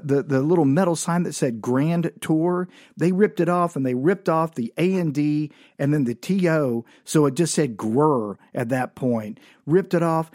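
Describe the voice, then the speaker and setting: A man's voice: fairly high pitch, a little mellow, no room sound, studio quality. A man telling a rambling, exasperated comic story about a family trip.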